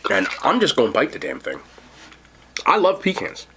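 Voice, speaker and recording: A man's voice: mid-range voice, huge pitch swings, normal speed, fairly bright tone, a little hiss or hum. A man hosting a casual mukbang food review, chatting to viewers while he eats. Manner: chatty, talks while eating. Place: seated indoors at home.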